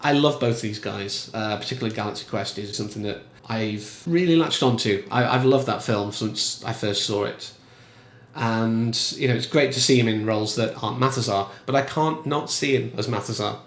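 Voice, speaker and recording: A man's voice: lowish voice, moderate pace, roomy sound. Chatty man reviewing films. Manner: animated, emphatic, chatty. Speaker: film reviewer. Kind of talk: casual film commentary.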